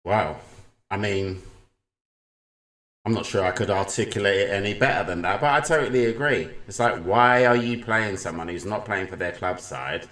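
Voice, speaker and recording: A man's voice: fairly low pitch, normal speed, a bit bright, roomy sound. A man chatting casually in reaction to a clip, agreeing and mocking pundits. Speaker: reaction video host.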